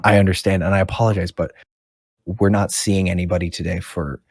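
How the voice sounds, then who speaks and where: A man voicing a polite, weary male city guard, speaking softly and apologetically with halting pauses. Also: low-pitched, fairly even intonation, a little hiss or hum. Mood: apologetic.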